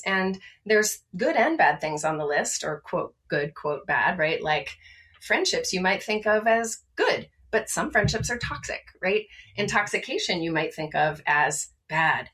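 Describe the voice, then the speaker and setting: A woman from Maryland, a podcast guest talking about wellness, energetic and emphatic, often tacking on a rhetorical "right?". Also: mid-range voice. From Maryland, USA. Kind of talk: podcast conversation.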